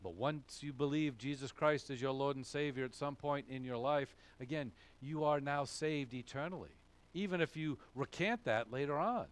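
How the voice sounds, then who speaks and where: A man's voice: mid-range voice, normal speed, clear, resonant tone. Emphatic male pastor preaching a sermon. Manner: emphatic, asks and answers his own questions.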